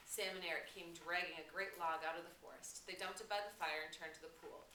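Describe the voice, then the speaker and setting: A woman teacher reading a novel aloud in a steady, expressive way. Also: on the low side, a little fast. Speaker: English teacher. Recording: roomy room, distant mic, faint hiss.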